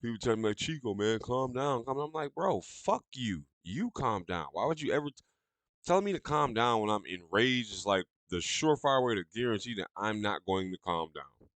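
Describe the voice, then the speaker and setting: A man's voice: on the low side, fairly bright tone, dry recording. A young adult man hosting a podcast, delivering a blunt, profane, ranting monologue in casual talk. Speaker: podcast host.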